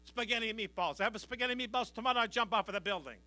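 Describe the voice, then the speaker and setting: A man's voice: high-pitched, very fast, bright, forceful tone, no room sound. A man voicing an Italian construction worker in a joke, exclaiming dramatically. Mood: dramatic. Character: Italian construction worker dreading his lunch.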